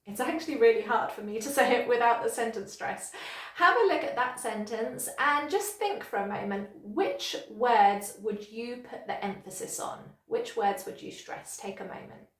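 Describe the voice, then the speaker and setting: Woman, English teacher, higher voice, clear and encouraging, echoey room. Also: lively intonation, normal speed. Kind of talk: online pronunciation lesson.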